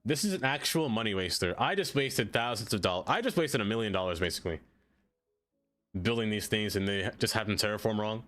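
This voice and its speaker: A man's voice: fairly low pitch, animated, a little fast, a bit bright. A man streaming a game, chatting casually, laughing often and talking to the objects he builds. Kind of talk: casual live-stream chat.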